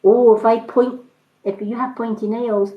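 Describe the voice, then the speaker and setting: A woman's voice: fairly high pitch, steady tone, measured pace, pitched above the performer's own voice, natural voice. A woman voicing a pushy, chatty female nail technician who talks in clipped, broken phrases. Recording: roomy, slightly dull sound.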